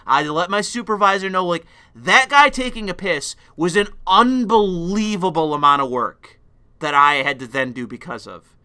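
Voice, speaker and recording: Loud, profane young man telling a story. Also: high-pitched, clear, resonant tone. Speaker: streamer. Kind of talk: casual chat on a stream.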